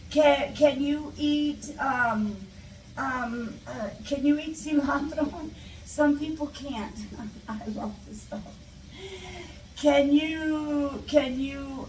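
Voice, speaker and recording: A high-voiced woman teaches English grammar at an unhurried pace, chatty and prone to tangents. She sounds far from the mic in an echoey space, with light static and faint ambient noise behind her. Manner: chatty, goes off on tangents, repeats example questions. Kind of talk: live English lesson for Spanish speakers.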